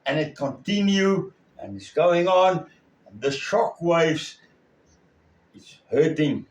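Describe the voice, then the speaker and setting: A man preaching a sermon as a story, with a slow, halting delivery and many pauses. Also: a little high, lively intonation. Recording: echoey room, far from the mic.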